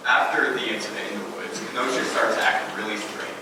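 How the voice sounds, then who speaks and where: A man's voice: fairly low pitch, steady tone, brisk, lightly acted. A man acting on stage as a worried teenage friend, recounting events earnestly. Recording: echoey hall from far off, noisy.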